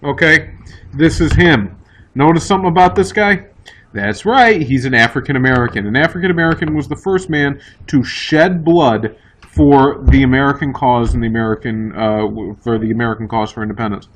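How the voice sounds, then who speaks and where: A man teaching history in a casual, chatty way, often voicing quick asides for the people he talks about. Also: mid-range voice, fairly bright tone, a little hiss or hum, poor audio. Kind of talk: recorded classroom lecture.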